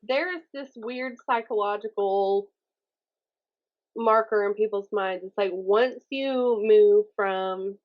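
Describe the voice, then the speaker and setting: A young woman with a Southern accent from Mississippi, chatting as a podcast guest, animated and often laughing. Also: medium pitch, slow pace, highs cut off. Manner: animated, laughing, mimics others in quotes. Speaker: guest poet and YouTuber. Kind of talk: casual interview chat.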